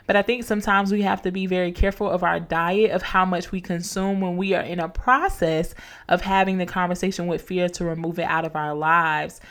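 Woman, podcast host, faith-based motivational talk, casual, preacher-like repetition, talks straight to listeners. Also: mid-range voice.

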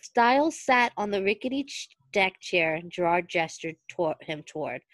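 A woman's voice: medium pitch, lively intonation, normal speed, no echo. A woman with a Southern US accent reading fan fiction aloud, giggling and stumbling over words, then going back to reread them.

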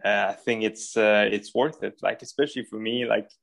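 A man's voice: on the low side, fairly even intonation, moderate pace, vocal fry, a bit bright. A man in his thirties from Ottawa with a French accent, a pro football executive talking casually as a guest in an interview and leaning on lots of fillers. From Ottawa, Canada. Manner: easygoing, many fillers and restarts.

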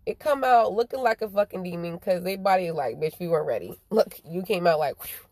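A woman, ranting in a profane stream-of-consciousness monologue, swinging between drawn-out slow phrases and quick bursts. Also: medium pitch, darkish tone, no echo.

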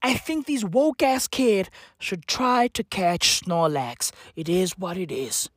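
A woman delivering a profane comedic rant in slangy bro-talk, full of filler tags, excitable outbursts and laughing asides. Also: fairly low pitch, takes it slowly, no room sound, studio quality.

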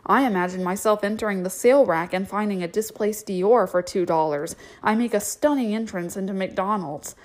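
A woman's voice: mid-range voice, normal speed, hardly any pauses, close to an everyday voice. Woman voicing Mary, a frazzled, exasperated mom. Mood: soothing. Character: harried single mother, wry and weary.

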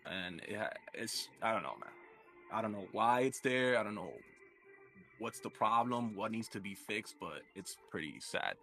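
A man with a fairly low voice and a forceful, bright edge talks through a loose sports chat as co-host. He rambles and circles back, leaning on "like" and "you get me" as he works out his point. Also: animated, normal speed, soft background music. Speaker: podcast co-host.

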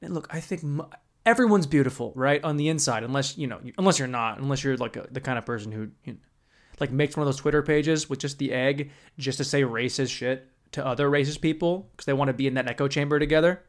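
A man's voice: medium pitch, quick pace. A young man hosting a podcast, ranting in a crude, sarcastic, rambling comedic style. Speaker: podcast host. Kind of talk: comedic rant.

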